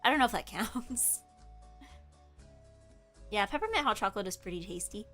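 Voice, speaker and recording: A woman's voice: medium pitch, expressive, moderate pace, a bit bright, faint music behind. A woman streamer in casual chat, rambling and correcting herself, with lots of filler words. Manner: rambling, chatty, many filler likes, self-correcting.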